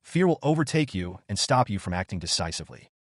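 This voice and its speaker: A man narrating a first-person horror story with a lively, expressive delivery. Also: lowish voice, fast talker, no room sound, studio quality.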